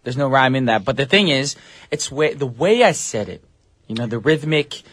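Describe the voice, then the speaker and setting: A man's voice: medium pitch, expressive, moderate pace, a bit bright, no echo. Playful male radio DJ. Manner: joking, rhyming wordplay, laughs often. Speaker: radio DJ host. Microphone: studio microphone.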